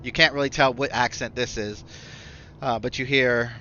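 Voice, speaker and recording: A man's voice: medium pitch, fairly even intonation, moderate pace, music in the background. A man narrating a tabletop game as game master, rambling with many fillers and restarts, in a dull lo-fi recording.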